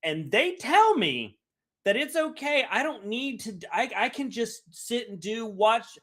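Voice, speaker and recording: A man co-hosting a casual podcast, talking in an animated, dramatic, self-mocking way. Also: very high-pitched, a little slow. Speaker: podcast co-host.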